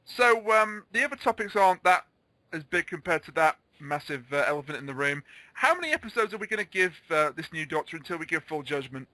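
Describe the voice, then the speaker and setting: A man's voice: a little high, big pitch swings, fairly quick, sharp tone, no room sound, low-quality recording. A man hosting a casual chat, opinionated and a little stammering. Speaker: host.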